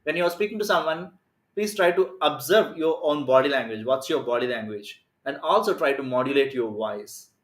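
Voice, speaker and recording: A man's voice: medium pitch, normal speed. Emphatic man coaching, echoey room. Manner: energetic, emphatic, plays with stress and pace. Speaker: communication skills coach. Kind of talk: live-streamed lesson.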